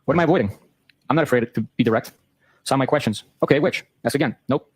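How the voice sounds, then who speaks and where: A man hosting a show, reading a long exchange of text messages aloud in a brisk, matter-of-fact way. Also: mid-range voice, husky, dry recording. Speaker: host.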